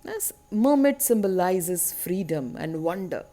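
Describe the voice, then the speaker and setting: Slow, deliberate woman teacher explaining a poem. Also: lowish voice, expressive, warm tone. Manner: slow, deliberate explaining, repeating key words, with rhetorical tag questions. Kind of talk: literature lesson explaining a poem.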